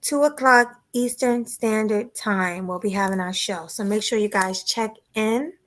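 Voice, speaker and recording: A woman co-hosting a casual livestream podcast, chatting in a relaxed way and thanking her viewers. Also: mid-range voice, unhurried. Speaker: podcast co-host.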